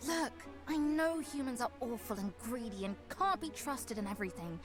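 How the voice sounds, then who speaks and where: A woman's voice: a little high, animated, moderate pace, lightly acted. A woman voicing a kind, sensible female fairy in a game, talking earnestly and persuasively, with game music behind her.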